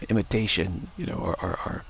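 A man giving a spiritual talk, musing in a halting way with many restarts. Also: low voice, gravelly, fairly bright tone, slight background noise. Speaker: spiritual teacher.

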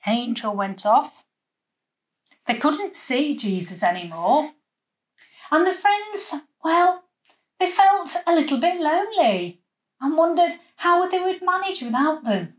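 A woman leading a children's church session, telling a Bible story with lively voices and asking the children at home to join in. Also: high-pitched, slow pace. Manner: animated, acting out the story with voices and gestures.

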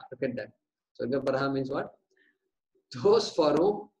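A man's voice: medium pitch, expressive, normal speed, pauses often, warm tone, poor audio. A man teaching a scripture class, breaking terms down word by word, repeating them and asking questions that he then answers himself. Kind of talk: classroom lecture on verses.

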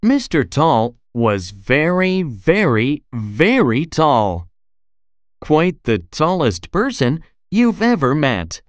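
A storyteller reading a children's storybook aloud in a slow, expressive way. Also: mid-range voice, no echo. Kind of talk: scripted storybook narration.

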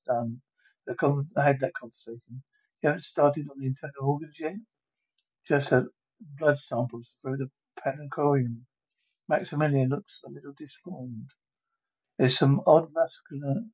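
A man's voice: fairly high pitch, slightly rough, highs cut off. A man reading a whole movie script aloud alone, voicing every part and calling out the sound effects himself. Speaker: solo reader of a movie script. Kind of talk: one-man dramatic script reading with spoken sound cues.

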